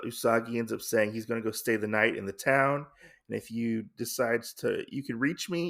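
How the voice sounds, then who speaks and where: A man sits at the mic and recaps a comic story in a loose, rambling way, full of fillers and self-corrections. His mid-pitched voice has a gravelly creak. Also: fairly bright tone. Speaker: podcast host.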